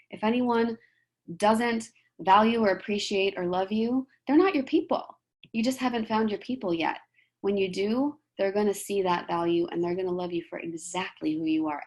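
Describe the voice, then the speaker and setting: A woman giving a motivational talk in a gentle, conversational way, often checking in with "right?". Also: on the low side, vocal fry. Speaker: presenter.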